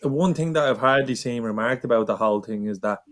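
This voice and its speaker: A man's voice: mid-range voice, quick pace, a bit bright. A man on a football podcast panel, emphatically repeating his point. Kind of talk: football chat.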